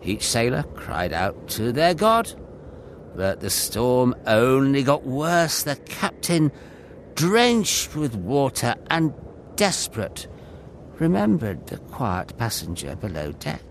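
Man, storyteller, dramatic narration, animated pitch, unhurried. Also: a little hiss or hum. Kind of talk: scripted Bible story narration.

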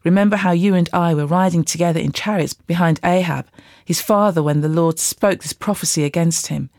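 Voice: medium pitch, brisk, a little mellow, dry recording, clean studio sound, lightly acted. A Bible reader voicing a fierce male army commander who has just been made king, speaking sternly in a scripture reading. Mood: commanding.

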